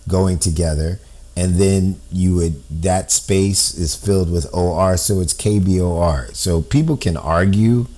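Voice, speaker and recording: A man's voice: deep voice, warm tone. A man explaining a code on screen step by step, thinking aloud and often checking in with "right?". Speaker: amateur code-breaker.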